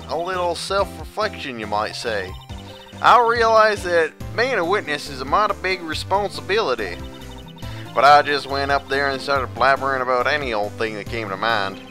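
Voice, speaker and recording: A man voicing a brash country woman photographer with a put-on Southern US accent and a loud, folksy drawl. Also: fairly high pitch, expressive, normal speed, faint music behind. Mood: boisterous.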